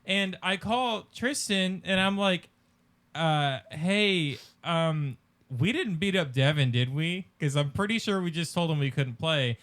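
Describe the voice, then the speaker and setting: A man's voice: on the high side, lively intonation, measured pace, a bit bright. Casual young man telling a story. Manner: meandering, lots of ums. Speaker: podcast host.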